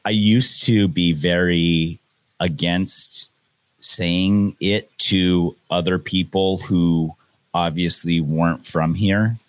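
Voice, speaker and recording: A man's voice: low voice, fairly even intonation, slow pace. A man co-hosting a podcast, telling stories in a laid-back, profane chat. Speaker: podcast co-host. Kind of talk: casual chat. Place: home in Hawaii.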